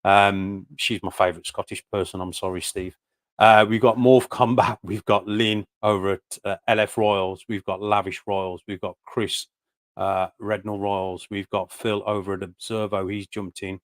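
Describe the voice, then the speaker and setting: Brief: British male live-stream host, lowish voice, chatty and rambling. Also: level tone, normal speed. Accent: British English. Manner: chatty, rambling welcomes with many fillers. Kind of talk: casual live-stream chat.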